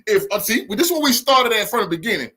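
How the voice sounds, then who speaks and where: Heated, mocking man with a high, lively voice. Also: quick pace. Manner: heated, mocking, profane, laughing often. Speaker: commentary channel host. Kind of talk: reacting to news clips.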